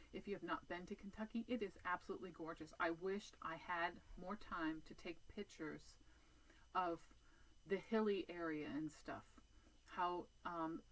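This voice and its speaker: A woman's voice: fairly low pitch, fairly bright tone, a little hiss or hum, rough recording. A woman chatting casually to her viewers as a cross-stitch vlogger, sitting outdoors, rambling along with many fillers and restarts. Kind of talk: casual vlog chat.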